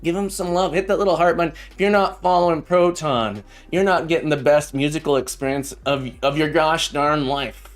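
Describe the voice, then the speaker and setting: A man's voice: on the high side, normal speed, few pauses. A middle-aged man hosting a casual live coding stream as a programming teacher, playful and punning, often repeating his phrases. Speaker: livestream host and programming teacher. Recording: faint background music.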